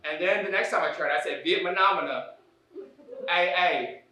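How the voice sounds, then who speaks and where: A man playing a clueless, over-friendly male high school principal with a Southern drawl, hearty and booming. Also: moderate pace, sharp tone. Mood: folksy. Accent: Southern US put-on. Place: live theater stage. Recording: echoey stage from a distance.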